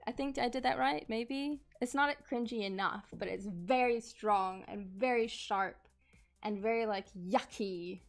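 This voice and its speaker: A woman's voice: fairly high pitch, unhurried. A woman streamer chatting casually while she sculpts, reading chat aloud, laughing often and apologizing.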